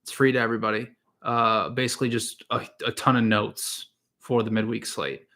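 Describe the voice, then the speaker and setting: A man talks through the week's soccer matches in a loose, off-the-cuff way. He rambles, backtracks and fills pauses with "uh" and "um", his pitch sitting in an ordinary middle range. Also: flat delivery, pushed and bright. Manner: rambling, frequent fillers and restarts. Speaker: podcast host and soccer analyst. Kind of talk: casual solo podcast talk.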